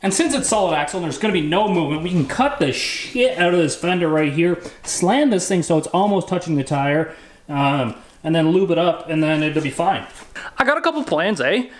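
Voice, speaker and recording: Building a drag lawnmower in his home garage, a Canadian man narrates casually, joking offhandedly and swearing now and then. He speaks fairly quickly in a voice on the high side, and the recording is echoey with faint noise.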